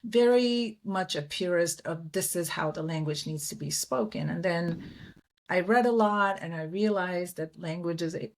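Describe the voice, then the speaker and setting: A woman from India, a guest in an interview, telling stories in an animated way and acting out the voices of people she quotes. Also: fairly low pitch, normal speed. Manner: animated storyteller who acts out quoted voices. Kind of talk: conversational interview.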